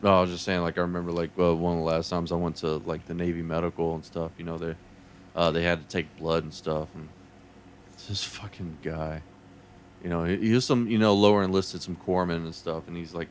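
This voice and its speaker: Super deep voiced guy rambling, tons of like and you know. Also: level tone, brisk, slight background noise. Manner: rambling, heavy fillers. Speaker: Navy veteran. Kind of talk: casual chat.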